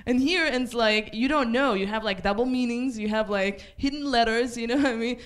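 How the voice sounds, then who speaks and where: A woman from Israel with an Israeli accent and Hebrew as her first language, doing a stand-up set at a small comedy club with offhand dark jokes and lots of "like" fillers. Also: fairly high pitch, a little fast. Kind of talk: open-mic stand-up set.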